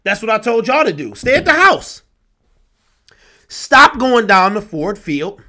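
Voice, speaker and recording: A man's voice: high-pitched, sing-song, a little slow, sharp tone. A young man ranting with passion and exasperation about his team's loss, repeating himself as a sports vlogger.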